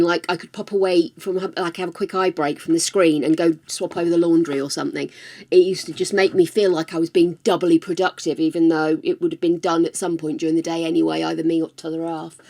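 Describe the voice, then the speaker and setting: A woman's voice: lowish voice, a little mellow. An older woman chatting casually on a live stream, affectionate and talkative, calling her viewers darlings. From United Kingdom.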